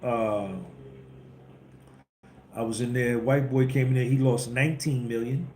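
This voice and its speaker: A man's voice: mid-range voice, fairly even intonation, measured pace, darkish tone. Blunt storytelling man, echoey room. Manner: blunt, emphatic, preachy street talk. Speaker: podcast host. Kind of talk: casual monologue storytelling. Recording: echoey room with faint background hum.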